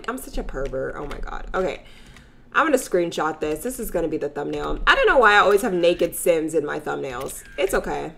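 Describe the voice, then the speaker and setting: A woman's voice: fairly low pitch, a little fast, creaky, slight background noise. A woman giving sassy, joking commentary while playing a life-sim video game. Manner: sassy, animated, slangy and joking. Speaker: let's play gamer.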